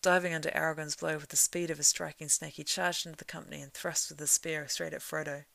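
A woman reads a story aloud in a low, gravelly voice. She keeps a steady storytelling line and lets it swell in the action. The sound is close and dry, with no room around it. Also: quick pace, no room sound. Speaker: reader. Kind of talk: reading a novel aloud.

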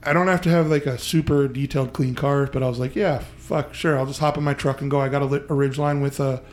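Animated, profane man telling a story. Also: mid-range voice, fast. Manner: profane, animated, acts out quoted voices. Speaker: podcast host. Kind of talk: casual storytelling.

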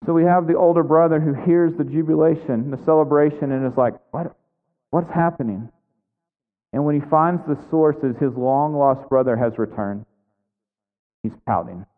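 A man's voice: steady tone, a little fast, few pauses. A man preaching a conversational sermon, tossing in frequent "right?" asides and acting out the characters' lines. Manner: acts out biblical characters' lines with shifting pitch. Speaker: pastor. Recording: echoey hall over a thin phone-like line.

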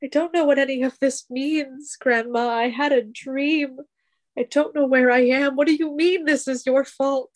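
A woman playing an anxious, polite teenage bard in a tabletop game, flustered and quick to apologize. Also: sits high, steady tone, lightly acted. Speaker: player.

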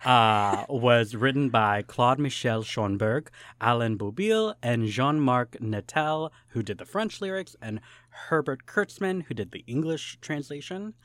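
A man co-hosting a casual comedic podcast, playful and jokey, with mock-formal asides and bursts of loud excitement. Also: medium pitch, unhurried, hardly any pauses, dry recording. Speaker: podcast co-host.

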